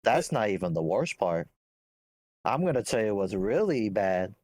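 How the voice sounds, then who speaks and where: An animated man rants on a casual gaming podcast, building each point up for effect. His pitch swings a lot as he talks. The recording is close and dry. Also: moderate pace, no echo. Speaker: podcast co-host.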